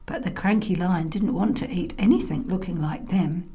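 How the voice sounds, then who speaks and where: A woman storyteller narrating a children's tale, expressive and often dropping to a soft whisper. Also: lowish voice, normal speed. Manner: softly whispered in places, expressive.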